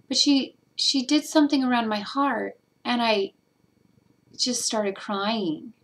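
A woman's voice: a little high, a bit bright. A woman vlogger talking casually and earnestly about meditation, getting emotional as she rambles with fillers. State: teary. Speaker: spiritual vlogger. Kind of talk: casual personal talk.

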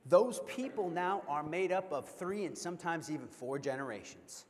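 A young man with a high voice tells a humorous story from a conference stage. His delivery is animated and playful, and he keeps questioning the crowd. His voice rings with the long reverb of a big hall. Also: normal speed. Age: young adult. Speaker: keynote speaker. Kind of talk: storytelling keynote speech. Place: large convention hall.

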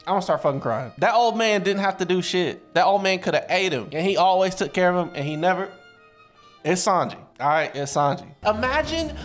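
A man streaming live, reacting casually and excitably while he reads, swearing freely and breaking into sudden shouts. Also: sits high.

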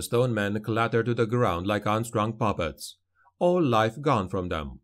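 A man narrating a fantasy audiobook in a dramatic, measured storytelling manner. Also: lowish voice, lively intonation.

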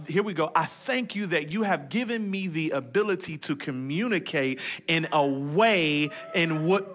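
A male pastor preaching with a high, bright, forceful voice. He talks in a loose, conversational way, joking with the congregation and repeating lines for emphasis. His prayers come out in short, emphatic phrases. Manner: conversational preaching with humor and repetition. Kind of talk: sermon.

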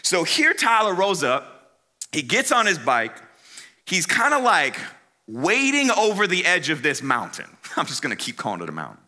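A man tells a funny sermon story to a youth crowd, his voice bright and forceful. His pitch leaps up and down as he swings between loud bursts and hushed asides. He talks in casual slang, straight to the room. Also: huge pitch swings, moderate pace. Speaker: youth conference speaker.

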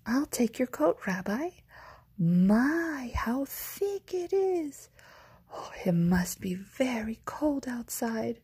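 A fussy, kindly old grandmother fussing over her guest in a whispered role-play, put on by a woman reading a storybook. The voice sits a little higher than the reader's own, hushed and gravelly. It stays slow and chatty throughout. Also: very animated, full character voice. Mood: doting. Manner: soft, doting and chatty.

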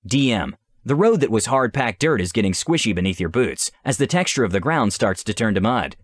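A male game master with a lowish voice narrates a scripted fantasy adventure, his melody lively and animated. He reads in a measured, descriptive way, recorded dry and close with no room echo.

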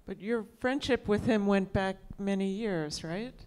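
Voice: medium pitch, unhurried, a little mellow, clear, resonant tone. A moderator hosting an audience Q&A, politely reading out questions.

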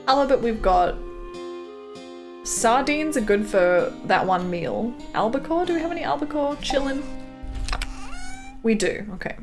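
A young Canadian woman streaming a farming game, chatting casually and reading her chat aloud with frequent giggles. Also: mid-range voice. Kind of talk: casual live-stream chat while gaming. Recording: clear game music under the voice. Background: game music.

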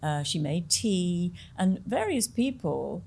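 A woman's voice: on the low side, big pitch swings, slow pace, gravelly, a little mellow, slightly rough. A middle-aged woman, a film director as interview guest, talking in a chatty, self-deprecating way and laughing often. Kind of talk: conversational Q&A interview.

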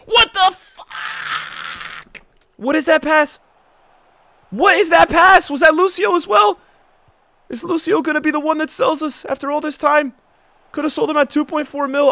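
A young man commentating his own football video game match as a streamer, swinging from low muttering to loud outbursts. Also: dry recording. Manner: emotional, swings from muttering to shouting. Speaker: gaming streamer. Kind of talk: live gameplay commentary.

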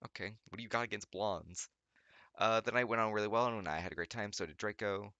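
A man's voice: on the low side, fairly quick, sharp tone, no echo. Sarcastic man stumbling through a reading. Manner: stumbling over words, frequently laughing and groaning. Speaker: YouTuber reading fanfiction aloud. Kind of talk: comedic reading with sarcastic commentary. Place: home studio.

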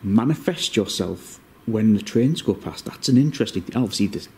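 A man giving ghost-hunting vlog commentary, moving between hushed asides and raised calls to spirits in a cold indoor room. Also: lowish voice, lively intonation, brisk, husky. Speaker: paranormal investigator.

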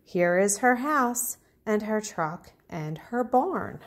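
A woman kindergarten teacher reading a picture book aloud to young children, talking clearly and encouragingly. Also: mid-range voice, animated, slow. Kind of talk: storybook read-aloud lesson for children.

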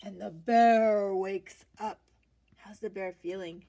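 A woman reading a picture book aloud to children, animated and stopping to ask them questions. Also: medium pitch, a little slow.

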